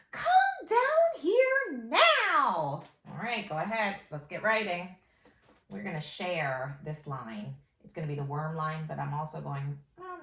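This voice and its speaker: Lively sing-song woman teacher. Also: deep voice. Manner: slow, drawn-out dictation of sentences. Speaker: first grade teacher. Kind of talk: remote phonics lesson. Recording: echoey room.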